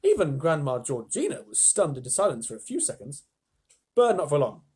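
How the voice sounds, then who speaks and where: A man's voice: fairly high pitch, huge pitch swings, brisk, a little mellow, husky. A man reading a children's book aloud on a live stream, with chatty asides.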